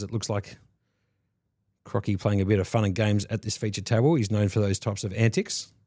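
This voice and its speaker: A man's voice: lowish voice, a little mellow, no room sound, clean studio sound. A man calling a live poker tournament from a commentary booth, chatty and jokey.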